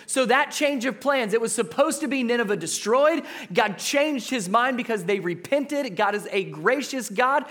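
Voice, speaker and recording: A man preaching a sermon with a fairly high voice. He is expressive and acts out the quotes he reads. He swings from near-shouting to a hush. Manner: expressive, acts out quotes, shifts between loud and hushed. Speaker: pastor.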